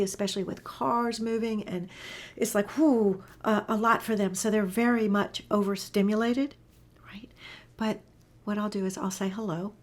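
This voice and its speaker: A mid-range female voice leads an informal spoken class on animal communication. She narrates with excitement and a storyteller's flair, and her voice repeatedly falls into a breathy whisper.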